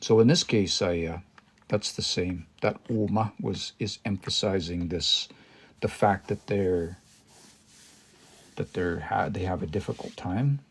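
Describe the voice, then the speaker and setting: A man's voice: low-pitched, a little slow, slightly rough. Man explaining word by word on a livestream. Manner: hesitant, many restarts, explains word by word. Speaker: language teacher. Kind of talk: livestream language lesson, thinking aloud.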